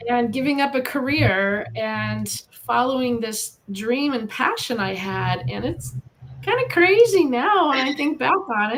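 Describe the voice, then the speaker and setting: A middle-aged American woman with a fairly high voice talks as an interview guest. She tells her story in an earnest, lively way and encourages the listener. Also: a little slow, slight background noise. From United States. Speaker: guest, animal communicator. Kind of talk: casual interview talk.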